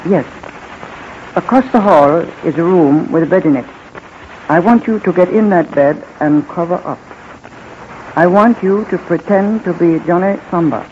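A stately, composed general, played by a man who speaks in slow, formal, courteous phrases. It is an old radio drama recording, muffled and lo-fi with a faint hiss. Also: sits high, natural voice. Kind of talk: 1940s radio acting.

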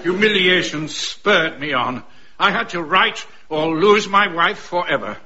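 A melodramatic, hapless gentleman. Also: high-pitched, animated, a little slow, lo-fi sound, exaggerated voice. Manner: theatrical, melodramatic. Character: pompous, hapless Victorian gentleman narrator. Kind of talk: radio comedy narration and dialogue.

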